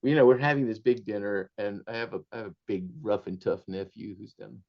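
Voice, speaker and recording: This older author recounts family anecdotes during a storytelling interview, often laughing and lapsing into Spanish. He talks fairly quickly in a fairly low, creaky voice with a steady tone, and the highs are cut off.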